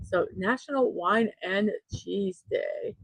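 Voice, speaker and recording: A woman's voice: medium pitch, takes it slowly, creaky, husky, no echo, low-quality recording. A middle-aged woman hosting a daily morning show, chatting casually and laughing at her own jokes. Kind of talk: casual solo show, reading memes aloud.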